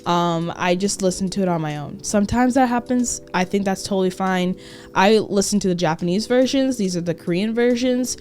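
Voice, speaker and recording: A woman's voice: mid-range voice, brisk, darkish tone, soft background music. A young woman, a student, chatting casually and emotively to camera as a reaction YouTuber, rambling with fillers and laughs.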